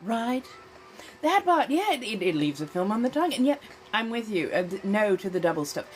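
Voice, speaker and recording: A woman's voice: mid-range voice, expressive, a little fast, faint music behind. A woman hosting a casual livestream chat in an affected old-fashioned American accent, languid and theatrical, calling her viewers darling. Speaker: livestream host.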